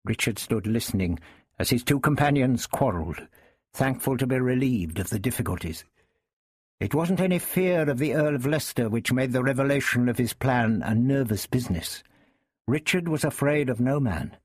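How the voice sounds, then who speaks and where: Expressive male storyteller, husky voice. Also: medium pitch, normal speed, dry recording, clean studio sound. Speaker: narrator. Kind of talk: reading a historical novel aloud.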